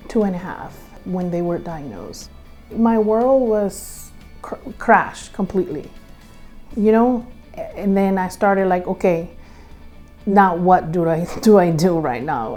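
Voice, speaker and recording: A woman in her clinic talks in an interview with a mellow, warm-toned voice. She speaks hesitantly, often pausing to search for words, with feeling in her voice. Faint music sits behind her. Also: lowish voice. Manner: halting, searching for words, emotional. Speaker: clinic owner and parent.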